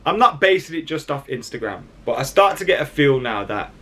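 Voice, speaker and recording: A man's voice: mid-range voice, very animated, brisk, pushed and bright. A young man hosting a football reaction channel, talking through transfer rumours in a chatty, opinionated way. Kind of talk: casual reaction commentary.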